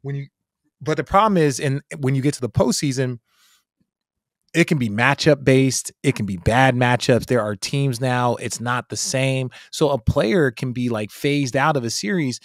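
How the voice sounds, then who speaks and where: A man's voice: mid-range voice, moderate pace, no echo, studio quality. A man in his forties, a guest analyst in a casual podcast chat, talking emphatically and swearing freely.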